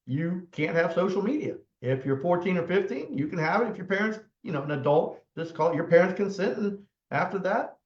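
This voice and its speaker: A man's voice: high voice, animated, fairly quick, few pauses. An older man with a drawl explains the law in a folksy, rambling way, often stopping to restart with an "uh." His voice sounds roomy and a little dull, as if recorded in a bare studio. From Florida. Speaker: attorney and show host. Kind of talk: casual legal talk show chat.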